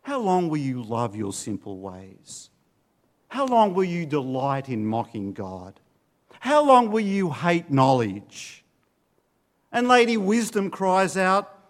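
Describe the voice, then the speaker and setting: Man giving a sermon, slow and dramatic, goes loud then hushed, fairly high voice. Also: huge pitch swings. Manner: dramatic, swings between loud urging and low hushed warnings. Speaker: pastor.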